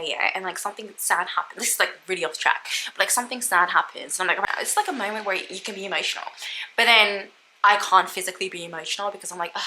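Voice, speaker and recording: A woman's voice: medium pitch, bright, forceful tone, a little hiss or hum, poor audio. A young woman vlogging about solo travel in a casual, reflective chat, talking with lots of "like" and "you know what I mean". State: tearful, emotional.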